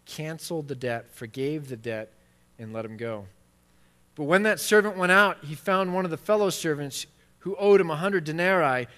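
A man preaching a sermon, swinging between quiet asides and loud, emphatic stretches. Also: medium pitch. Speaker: pastor. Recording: long reverb of a large hall.

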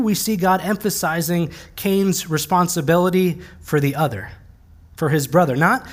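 Male pastor, sermon, conversational, plain-spoken, light humor, slightly high voice. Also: normal speed.

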